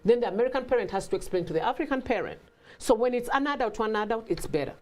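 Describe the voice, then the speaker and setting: A woman's voice: a little high, racing. A middle-aged woman with a Ugandan accent, a guest in an interview, talking casually and acting out family exchanges with laughter. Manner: animated, acts out family dialogue with laughter.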